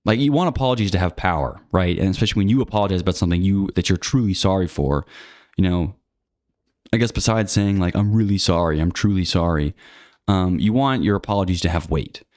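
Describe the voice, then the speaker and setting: A man's voice: low-pitched, quick pace, darkish tone, dry recording, studio quality. A man talking through his opinions in a rambling, blunt casual monologue, full of fillers and restarts. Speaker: channel host.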